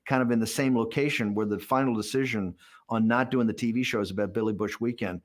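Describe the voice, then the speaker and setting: A man in a sit-down interview tells candid stories in a rambling, anecdotal way. He often restarts sentences and repeats words as he goes. His voice sits at an ordinary middle pitch for a man. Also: fairly even intonation, fast talker. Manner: acts out dialogue while retelling events.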